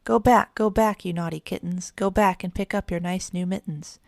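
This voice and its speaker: A woman's voice: lowish voice, normal speed, a little mellow, no room sound, clean studio sound. A woman voicing a stern old mother cat who scolds her kittens in a storybook. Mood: scolding.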